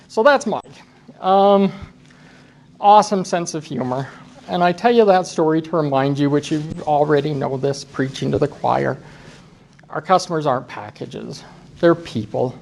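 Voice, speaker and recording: A man's voice: a little high, normal speed, vocal fry, slight background noise. A man giving a conference talk as a driver trainer, telling self-deprecating stories and acting out what people said. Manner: animated, self-deprecating storyteller acting out quotes. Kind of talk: storytelling presentation. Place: conference session room.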